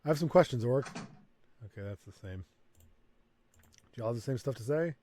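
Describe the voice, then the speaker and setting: A man's voice: mid-range voice, lively intonation, normal speed, mellow, slight background noise. A man hosting a let's play, thinking aloud and reading game text in casual commentary.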